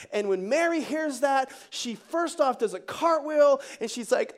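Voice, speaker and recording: High-voiced, animated male preacher. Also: moderate pace. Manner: animated, joking, conversational preaching. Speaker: pastor. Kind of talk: sermon.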